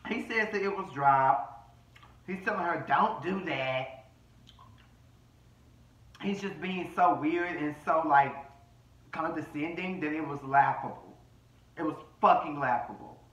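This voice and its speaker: Male commentary host, brash and catty, slightly high voice, dull echoey home recording. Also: moderate pace, a bit bright, distant mic. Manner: brash, profane, sassy, reading people. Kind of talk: casual reality-TV recap.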